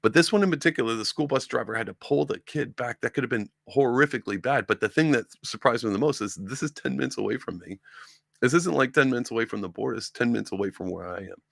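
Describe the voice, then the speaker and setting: A man's voice: medium pitch, fast talker, creaky, a bit bright, dry recording, clean studio sound. A young man from upstate New York who hosts a podcast and rambles through casual political commentary, often mocking other people in put-on voices. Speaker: podcast host.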